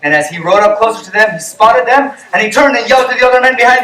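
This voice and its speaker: Storyteller, male, very high voice, animated, distant echoey tent sound. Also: quick pace, few pauses. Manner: animated, acts out voices of characters. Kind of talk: storytelling to children. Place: camp meeting tent.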